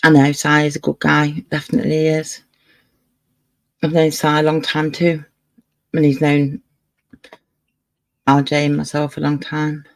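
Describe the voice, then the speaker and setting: A woman's voice: deep voice, monotone, a little slow, long pauses, low-quality recording. A woman casually chatting on her livestream, swearing freely and scolding her cat as she talks. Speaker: livestream host.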